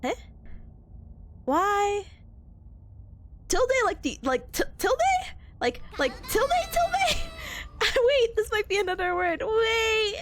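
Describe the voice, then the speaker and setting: A woman's voice: very high voice, expressive, takes it slowly, long pauses, fairly bright tone. A young woman streamer chatting casually with her viewers while sick, giggling often. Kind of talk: casual live-stream chat.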